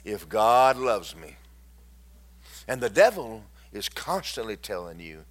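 A man preaching a sermon, swinging from loud declarations to hushed, tender storytelling. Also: fairly low pitch, sing-song, a little slow.

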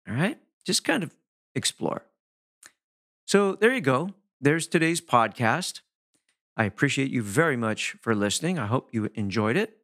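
A middle-aged man hosting a solo podcast in a relaxed, chatty way. His pitch rises and falls widely as he talks, and he drops into short playful demonstrations of how others speak. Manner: animated, swooping delivery with playful demonstrations of voices. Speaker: podcast host, hypnotherapist. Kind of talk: casual solo podcast talk.

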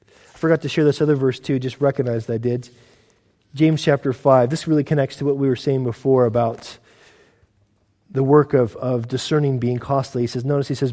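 A man's voice: medium pitch, steady tone, a little fast, mellow, big-room sound. A man with an American accent preaching a sermon as pastor, in a conversational way with rhetorical questions and repeated words. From United States.

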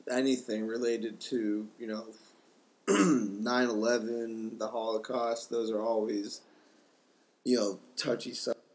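A man's voice: mid-range voice, level tone, slow pace, darkish tone. Plainspoken man, podcast guest. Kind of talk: casual discussion.

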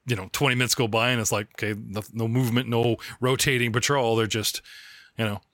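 A man's voice: medium pitch, fairly even intonation, brisk, a bit bright, dry recording, clean studio sound. A man hosting a podcast as game master, describing scenes in a chatty, rambling way. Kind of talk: running a tabletop game.

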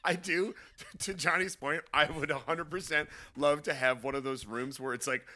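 Co-host, male, sharp bright tone, quick to mock his friend. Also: a little high. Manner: teasing, incredulous, animated storytelling. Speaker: podcast co-host. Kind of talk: casual chat.

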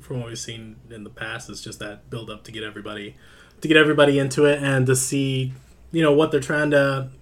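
A man's voice: medium pitch, steady tone, brisk. A man co-hosting a casual podcast, thoughtful and hesitant as he searches for his words. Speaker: podcast co-host. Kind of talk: casual chat.

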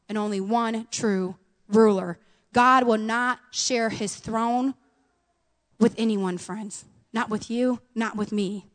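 A middle-aged woman preaching a sermon, earnest, calling her listeners friends and rising to loud fervor. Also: a little high, unhurried, long reverb tail.

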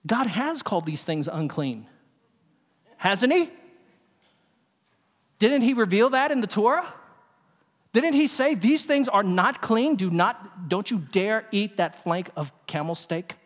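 A man voicing an indignant male apostle who refuses in disbelief, his protests pitched high. There is long hall reverb around him. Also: lively intonation, slow pace, pauses often, exaggerated voice.

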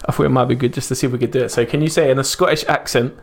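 Fast-talking gravelly man hosting. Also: medium pitch, fairly even intonation. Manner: quick, teasing questions. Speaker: podcast host. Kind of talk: casual interview chat.

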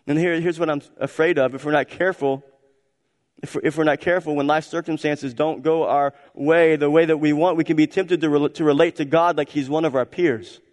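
A man preaching a sermon as pastor, emphatic and repetitive, swinging between loud and hushed. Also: a little high, fairly even intonation, brisk. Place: church sanctuary. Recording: church hall reverb.

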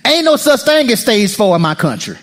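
A man preaching a sermon as pastor, playful and lively, laughing often and talking straight to the congregation. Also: high voice, brisk.

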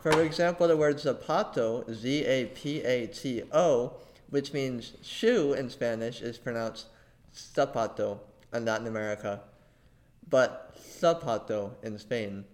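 A man appears as a guest on a podcast, reading prepared answers. He explains things in a measured, even tone at a mid pitch for a man. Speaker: podcast guest, Spanish tutor.

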